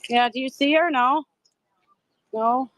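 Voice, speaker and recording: On a phone livestream from a packed sidewalk, a middle-aged woman with a Boston accent chats with viewers and passersby as she walks, phone in hand. Her high voice has a fairly bright tone and a slow pace, though the audio quality is poor.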